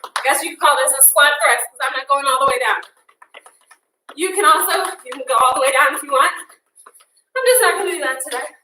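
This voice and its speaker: A woman's voice: high voice, fairly quick, long pauses, pushed and bright, slight background noise. A woman fitness instructor leading a workout class, upbeat and encouraging, counting down and cheering with whoops. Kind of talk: live workout class cueing. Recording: echoey room, voice from a distance.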